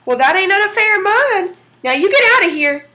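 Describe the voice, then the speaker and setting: A woman doing a loud, pleading folk-tale devil. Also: very high voice, sing-song, brisk, pitched above the performer's own voice, exaggerated voice. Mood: gruff. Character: blustering male devil, pleading then gruff.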